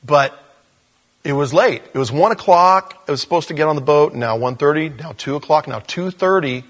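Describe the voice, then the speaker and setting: A male pastor telling a story in a sermon, animated, with stumbles and restarts. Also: a little high, moderate pace.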